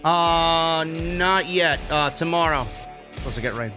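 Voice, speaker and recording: A man hosting a live stream, his voice sitting a bit high for a man. He reads viewer donations aloud and answers them with offhand, swear-laced chatter. Faint guitar music plays underneath. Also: a little slow. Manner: casual, profane, reads donor messages aloud. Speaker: show host reading super chats. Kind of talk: casual live-stream chat.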